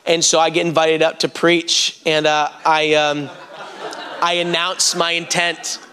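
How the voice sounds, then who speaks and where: A man with a bright, forceful voice preaches a sermon in church, speaking a little higher than most men. He tells stories and calls out to the congregation directly. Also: level tone, measured pace, a little hiss or hum. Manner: storytelling, addresses the congregation directly.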